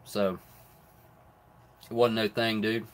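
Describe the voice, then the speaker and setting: Eating as he goes, a middle-aged man hosts a casual live stream about military rations, often speaking through a full mouth. His voice is on the low side, delivered slowly in a level tone.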